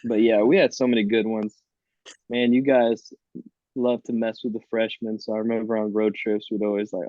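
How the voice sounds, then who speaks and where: A man in his thirties from Miami, a podcast guest telling lively, laughing stories about his college baseball days. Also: on the low side, moderate pace, dry recording, muffled recording. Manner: lively, laughing anecdotes with quoted voices. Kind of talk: casual storytelling on a podcast.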